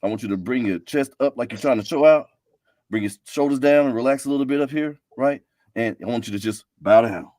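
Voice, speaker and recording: A man's voice: mid-range voice, brisk, darkish tone, no echo. A man, a podcast guest talking in an easygoing, instructive way. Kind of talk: casual podcast chat. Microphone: remote live-stream call.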